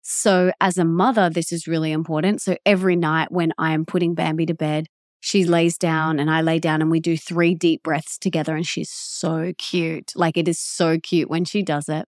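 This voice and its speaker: A woman podcast host talking in a warm, chatty, agreeable way. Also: low voice, flat delivery, normal speed, no room sound, studio quality. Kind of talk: casual interview talk.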